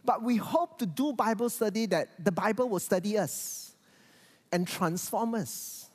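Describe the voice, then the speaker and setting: A pastor delivers a sermon, and his pitch rises and falls in lively, animated swings. He often repeats words as he goes. A long reverb from the church hall trails behind his voice. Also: measured pace.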